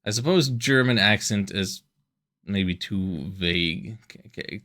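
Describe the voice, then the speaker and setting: A man's voice: on the low side, slow, a bit bright. A man casually commenting while streaming a video game, with joking, rambling asides.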